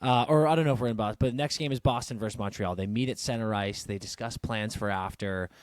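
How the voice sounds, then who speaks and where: A man co-hosting a podcast who retells TV scenes in casual, animated chat and swears freely. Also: lowish voice, fast, no room sound, clean studio sound. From Canada. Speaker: podcast co-host.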